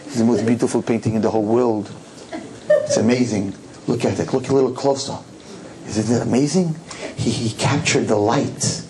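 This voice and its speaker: A man's voice: mid-range voice, fairly even intonation, moderate pace, dark tone, slight background noise, lightly acted, low-quality recording. A man voicing a pompous male museum curator in a mock French accent, gushing over a painting.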